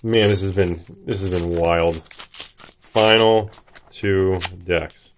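This man hosts a card-opening video in casual, excited commentary. His voice sits fairly low. He gets jittery and hyped and breaks into shouts at the big pulls. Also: slow pace, slight background noise.

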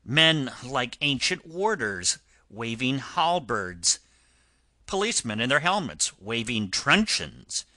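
A man's voice: medium pitch, sing-song, slow, bright, forceful tone, no echo, exaggerated voice. A man voicing a stern but kind-hearted engine driver who talks firmly in an audiobook reading. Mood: urgent. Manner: firm, instructing. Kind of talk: audiobook character voice.

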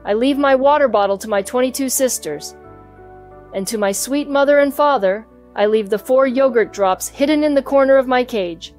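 A woman reading a children's storybook aloud in an even, clear storytelling manner, voicing the hamster who narrates his own adventure. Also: sits high, moderate pace. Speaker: storybook reader. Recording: soft music behind the voice.

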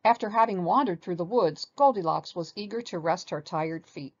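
A woman reading a children's story aloud with animated expression. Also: lowish voice, moderate pace, dull audio.

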